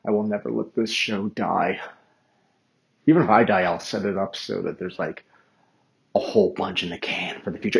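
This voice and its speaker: A man's voice: deep voice, steady tone, moderate pace, gravelly, long pauses, rough recording. A man hosting a casual solo sports podcast, rambling, swearing freely and mocking himself as he goes. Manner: rambling, profane and self-mocking; chatty, with many fillers and restarts. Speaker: podcast host.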